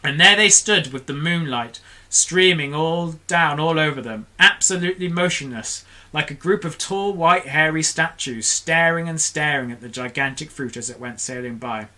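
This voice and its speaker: A storyteller reading a children's book aloud on a livestream, expressive and doing the characters' voices. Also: medium pitch, normal speed. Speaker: storybook reader for a charity stream.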